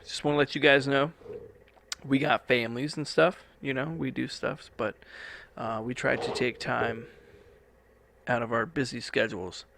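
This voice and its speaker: A man's voice: medium pitch, steady tone, moderate pace, creaky, a bit bright, a little hiss or hum. A man hosting a podcast alone from a studio, talking in a laid-back, rambling way with casual swearing. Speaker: podcast host. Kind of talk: casual solo podcast talk.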